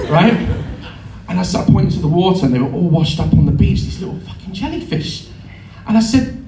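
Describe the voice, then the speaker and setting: A man telling a comic story to a live audience, animated and sweary, acting out voices and screams. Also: a little high, fairly quick, crowd noise. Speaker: live show performer. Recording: echoey venue, heard from afar. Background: audience laughter.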